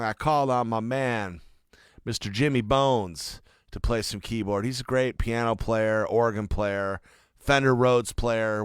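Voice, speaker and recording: A man's voice: medium pitch, fairly bright tone, clear, resonant tone, dry recording. A man producing music, giving a casual, chatty walkthrough of a song's mix in his studio. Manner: laid-back, chatty, friendly tour of a mix.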